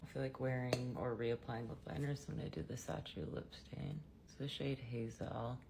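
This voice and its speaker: Raspy-voiced woman chatting through makeup. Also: very deep voice, fairly even intonation, moderate pace, slight background noise. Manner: chatty and offhand, soft-spoken. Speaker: beauty vlogger. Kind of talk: casual makeup tutorial chat.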